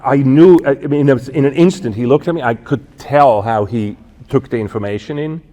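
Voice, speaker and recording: A man in his fifties from Switzerland, telling a personal story as a guest speaker, halting and correcting himself with many fillers. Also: mid-range voice, dark tone. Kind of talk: storytelling talk. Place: church event hall. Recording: long hall reverb.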